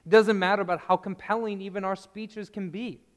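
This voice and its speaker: A man preaching a sermon in a slow, earnest way, dropping to a hushed tone on key phrases, recorded in a church. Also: sits high, fairly even intonation. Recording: long reverb of a large hall.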